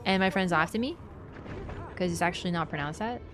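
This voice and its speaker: A young woman chatting casually with viewers while livestreaming a game, excitable and reacting out loud. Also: on the low side, fairly quick, background noise. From Canada. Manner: excitable, reacts aloud to gameplay and chats with viewers. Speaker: streamer. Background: game music.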